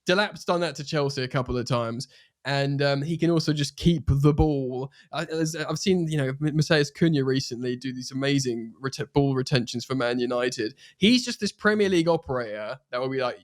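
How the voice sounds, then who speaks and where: An animated man from England talks football on a podcast with casual energy and the odd swear. His voice sits mid-range and sounds close, with no room around it. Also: mid-range voice, a little fast, no echo. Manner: animated, swears freely, puts on playful accents. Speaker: podcast co-host.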